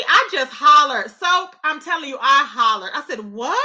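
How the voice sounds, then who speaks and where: A woman hosting a casual live-stream gossip chat, animated and full of loud exclamations. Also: high-pitched, moderate pace, dull audio.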